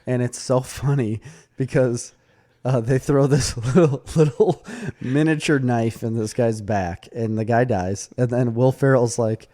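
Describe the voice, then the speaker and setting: A man's voice: mid-range voice, measured pace. A man co-hosting a podcast, chatting casually and acting out quotes as he retells a story. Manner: animated storyteller, acts out quotes. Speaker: podcast co-host. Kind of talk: casual chat.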